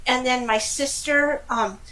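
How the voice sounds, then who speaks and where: A middle-aged Californian woman with a high voice, appearing as a guest, shares her own story in casual interview conversation. She's lively and animated, laughing and exclaiming often while keeping a measured pace, and the recording is rough.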